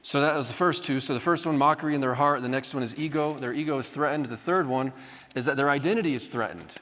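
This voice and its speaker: A man's voice: mid-range voice, quick pace, fairly bright tone. Conversational man lecturing in a reverberant hall. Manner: conversational, often acts out quoted voices, adds "right?". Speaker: Bible college teacher. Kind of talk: classroom lecture.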